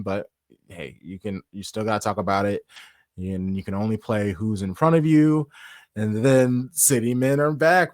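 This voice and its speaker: A man hosting a casual sports podcast, opening the show with playful, hype-style patter before settling into relaxed chat. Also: mid-range voice, dry recording, clean studio sound. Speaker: podcast host.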